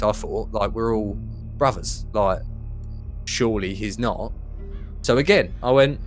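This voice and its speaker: A man telling a story in character, sweary and animated, laughing through it. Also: lowish voice, moderate pace, faint music behind.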